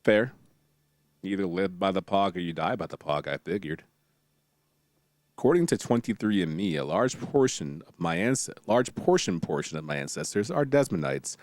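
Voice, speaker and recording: A fairly low male voice with a lively, swooping delivery. He is a streamer who reads game tutorials aloud, cracks jokes and breaks into excited exclamations. The sound is dry and close, from a desk mic. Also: moderate pace, no room sound. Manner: playful, jokey, chats with viewers, bursts of excited exclamations. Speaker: streamer playing a strategy game. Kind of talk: casual game commentary, reading tutorial text aloud.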